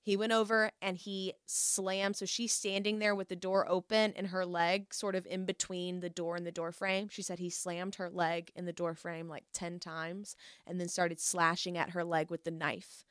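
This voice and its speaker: Bright, crisp-voiced woman telling a story. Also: lowish voice, normal speed, no echo, studio quality. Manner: animated storyteller, acts out quoted voices. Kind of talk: casual storytelling chat.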